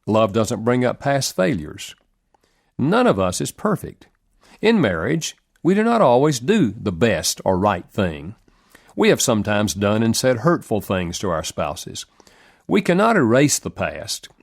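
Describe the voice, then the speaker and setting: A man reading a relationship self-help audiobook in a measured, earnest narration with lively rises in pitch. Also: vocal fry.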